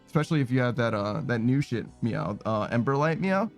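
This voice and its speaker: A young man chats loosely over a game stream, his voice at an ordinary middle pitch. He drifts from thought to thought, swears offhandedly and slips a little "meow" onto the end of almost every sentence. Soft music plays faintly behind him. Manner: tacks a quick "meow" onto nearly every phrase; rambling, laid-back, swears casually. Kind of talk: casual gaming stream chat.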